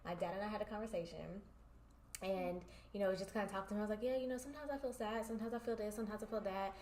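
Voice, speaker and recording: A woman's voice: mid-range voice, fairly even intonation, racing, a little mellow, slight background noise. A woman co-hosting a podcast in casual chat, telling personal stories and acting out both sides of the conversations. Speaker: podcast co-host. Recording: echoey room.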